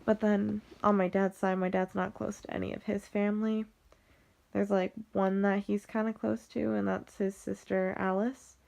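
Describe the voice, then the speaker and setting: A young vlogger with a General American accent from the Western US chats casually about her family, rambling, restarting often, and saying "like" constantly. Her medium-pitched voice has little pitch movement, normal speed, vocal fry, and a slightly mellow quality.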